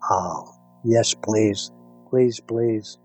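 A man with an English accent co-hosting a music podcast, chatting playfully and halting on fillers. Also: lowish voice, fairly even intonation, a little mellow. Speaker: podcast co-host. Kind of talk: casual chat about music.

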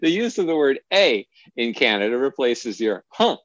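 A man co-hosting a podcast, talking in a lively, joking way. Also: medium pitch, normal speed, no room sound, lo-fi sound. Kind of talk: casual podcast chat.

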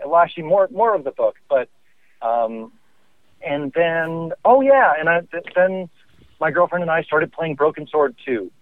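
A man co-hosting a casual podcast over the phone, rambling with restarts and quick laughs. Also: a little high, lively intonation. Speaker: podcast co-host. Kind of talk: casual chat. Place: in a car on the road. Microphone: mobile phone. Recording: tinny phone line.

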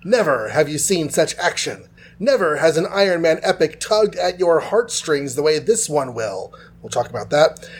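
A man casually retelling a comic book plot, tossing in quick voices for the characters. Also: on the high side, big pitch swings, slightly rough. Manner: loose, chatty retelling with quick dialogue voices. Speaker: podcast host.

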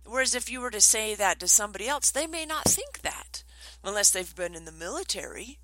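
A middle-aged woman trainer telling stories in an animated way, acting out the voices she quotes. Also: mid-range voice, a little fast, no echo, rough recording. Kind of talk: storytelling talk.

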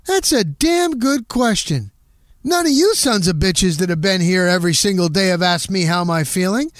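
A man impersonating a gruff, intimidating older football coach who barks and mocks in a raised voice. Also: high-pitched, expressive, moderate pace, no echo, clean studio sound. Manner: barking, mocking, repeats himself.

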